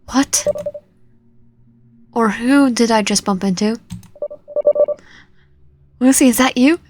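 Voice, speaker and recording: A woman's voice: a little high, slow pace, a little mellow, dry recording. A woman reading a horror visual novel aloud, voicing the heroine's fear expressively. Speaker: gamer. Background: game music.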